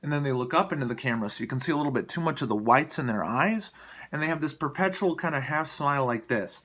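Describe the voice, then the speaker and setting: A man with a mid-range, expressive voice talks fast and sounds a bit bright. He rambles through off-the-cuff, single-take vlog commentary full of mockery and sarcasm, filmed by a camera positioned below him.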